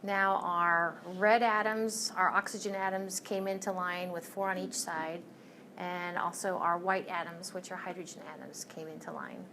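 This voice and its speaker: A woman's voice: fairly low pitch, steady tone, normal speed, pushed and bright, slight background noise. A woman teaching chemistry in a recorded lecture, chatty and self-correcting, with joking asides to her students. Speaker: chemistry instructor.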